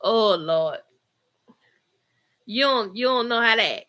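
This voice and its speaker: Bright-voiced Southern woman chatting. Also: fairly high pitch, big pitch swings, moderate pace, pauses often. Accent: Southern US, Georgia. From Georgia, US. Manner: chatty, laughs often, Southern slang. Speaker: livestream host. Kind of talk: casual chat reading live comments.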